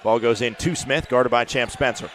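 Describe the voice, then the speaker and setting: A man doing play-by-play commentary for a basketball game, rising to shouts on big plays, with faint court noise behind him. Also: mid-range voice, normal speed. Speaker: play-by-play announcer. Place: arena broadcast booth.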